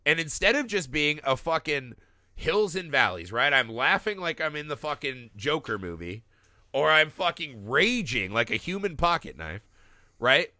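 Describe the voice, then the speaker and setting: A man's voice: fairly high pitch, very animated, moderate pace, sharp tone, no echo, clean studio sound. A man co-hosting a casual film podcast, ranting animatedly, swearing often and laughing as he talks. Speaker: podcast co-host. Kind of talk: casual profane film discussion.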